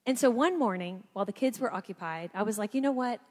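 Animated woman storyteller in a hall. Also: mid-range voice, quick pace. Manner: animated storyteller, acts out quotes. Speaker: speaker. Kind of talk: storytelling talk to an audience.

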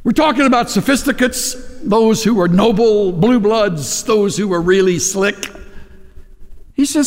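A man delivering a sermon in a church sanctuary, his voice carrying a long reverb through the large hall. His pitch sits a little high for a man and leaps all over the place as he acts out quotes. He preaches with animated, theatrical energy. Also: unhurried. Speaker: pastor.

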